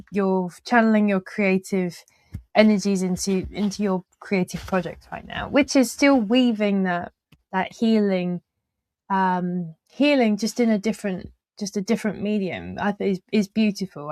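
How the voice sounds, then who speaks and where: A woman's voice: mid-range voice, a little mellow, dry recording. A woman hosting a casual interview, talking in meandering, trailing sentences with frequent fillers and easy laughs. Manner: laughs easily while talking. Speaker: podcast host.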